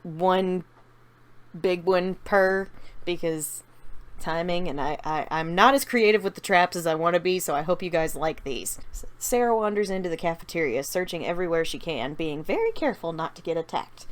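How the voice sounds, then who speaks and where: A woman's voice: lowish voice, moderate pace. A woman casually narrating a fan-made story idea, with chatty asides to her viewers.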